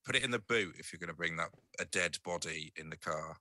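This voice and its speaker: A man playing a tabletop game, joking and brisk in character. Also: deep voice, bright, forceful tone, no echo. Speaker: player. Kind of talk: casual in-character tabletop play.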